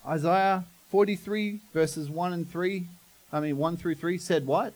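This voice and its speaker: A man's voice: sits high, measured pace, darkish tone, low-quality recording. A man preaching a sermon as pastor, telling the story dramatically and asking the congregation questions.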